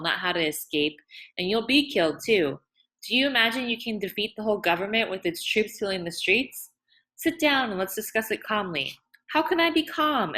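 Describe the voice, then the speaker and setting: A woman reading aloud and voicing a distraught young woman who pleads and reproaches in a raised, emotional voice. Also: bright, forceful tone. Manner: high, pleading, emotional delivery.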